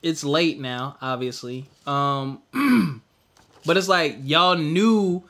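A young adult man co-hosting a podcast, venting candidly in casual chat and trailing off into quiet mutters. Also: fairly high pitch, very slow. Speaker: podcast co-host.

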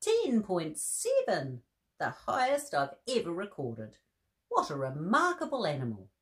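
A woman voicing an excitable, eccentric male mad-professor scientist who makes grand, eager pronouncements. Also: on the low side, measured pace. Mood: amazed.

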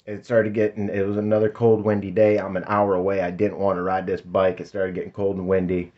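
A man's voice: sits low, monotone, brisk. A man, telling a rambling, profane story in casual vlog chat. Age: 50s. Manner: rambling, laid-back, profane. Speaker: vlogger. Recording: dull lo-fi sound.

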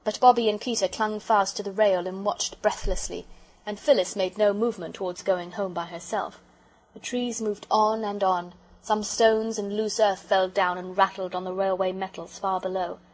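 Woman, children's audiobook narrator, gentle measured reading, breathy, husky. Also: medium pitch, fairly even intonation, rough recording.

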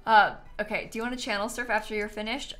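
A woman's voice: mid-range voice, steady tone, quick pace, fairly bright tone. A woman streamer chatting casually through her gameplay, giggling often and talking back to her chat.

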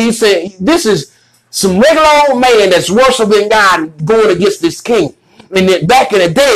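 High-pitched guy preaching, really animated, shouts and stretches words out, slangy retelling. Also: rough recording. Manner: animated, shouting emphasis, drawn-out phrases; retells scripture in casual slang. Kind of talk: sermon.

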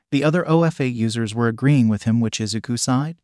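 A man narrating fan fiction in a flat, even, scripted reading. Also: mid-range voice, fast talker, no room sound, studio quality. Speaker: fanfic reader.

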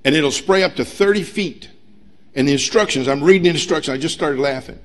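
A middle-aged man preaching a sermon as pastor, emphatic and humorous, swinging between loud pushes and quiet asides. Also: on the high side, a little fast. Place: church sanctuary.

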